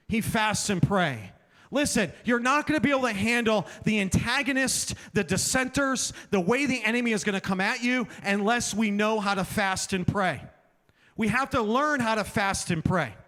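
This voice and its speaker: A man's voice: high-pitched, fairly bright tone. A man preaching a chapel sermon, telling self-deprecating stories and acting out the dialogue. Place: chapel hall. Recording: long hall reverb.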